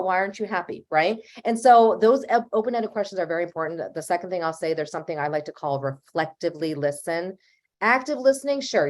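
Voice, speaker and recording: A woman's voice: lowish voice, darkish tone. Earnest woman therapist giving advice. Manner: earnest, advisory, acts out parent and child lines. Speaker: family therapist panelist. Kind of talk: webinar panel answer.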